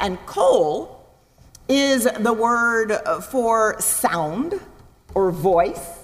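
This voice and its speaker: A woman preaching a sermon in a church, expressive, acting out voices and asking her listeners questions. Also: a little high, extremely slow. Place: church sanctuary. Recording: long reverb in a large hall.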